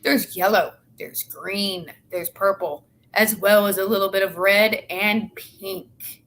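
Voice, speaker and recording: A woman's voice: medium pitch, steady tone, slow, a bit bright, a little hiss or hum. A young woman in casual, opinionated chat, blunt and sarcastic with a lot of swearing. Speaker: show co-host.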